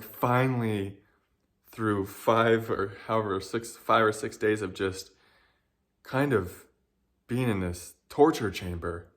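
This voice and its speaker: Earnest man with a lowish voice. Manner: earnest, emotional, searching for words. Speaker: spiritual guide. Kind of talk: heartfelt personal reflection.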